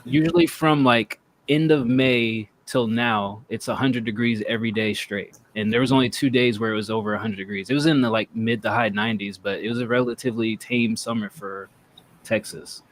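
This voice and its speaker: A man's voice: on the low side, fairly even intonation, fairly quick, slight background noise. A man hosting a casual chat show, rambling and joking as he talks. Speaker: podcast host. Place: North Texas.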